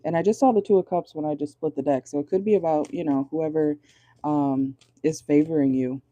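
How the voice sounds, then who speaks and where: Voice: medium pitch, steady tone, fairly quick, dark tone, no echo, dull audio. A chatty tarot reader giving a casual, blunt reading from inside a car, swearing freely and laughing often.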